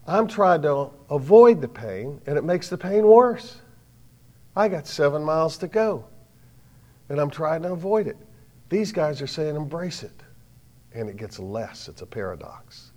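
Folksy preacher telling stories. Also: male voice, on the high side, measured pace. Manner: folksy, animated storytelling with sudden loud bursts and quiet drops. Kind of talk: sermon with personal stories.

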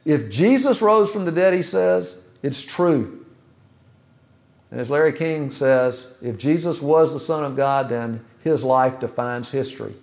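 A man preaching a sermon, asking rhetorical questions in a measured way. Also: mid-range voice, lively intonation, a little mellow. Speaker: pastor.

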